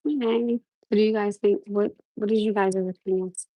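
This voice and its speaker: Young woman, New York-tinged accent, mellow warm voice, casual livestream chat, keeps asking viewers, dry close sound. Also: medium pitch, moderate pace, no echo, low-quality recording. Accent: New York-tinged American. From Norwalk, USA. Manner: animated, repeats questions to the audience, restarts often. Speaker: livestream host.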